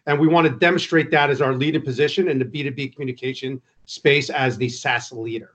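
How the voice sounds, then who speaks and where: Husky man on a muffled remote line. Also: mid-range voice, fairly even intonation, fast talker, fairly bright tone. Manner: earnest, corporate phrasing with fillers. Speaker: podcast guest. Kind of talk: business interview answers.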